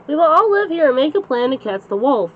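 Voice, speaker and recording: Woman voicing a clever little pig, high and bright. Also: big pitch swings, a little fast, slight background noise. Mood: cheerful. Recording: slightly dull lo-fi recording.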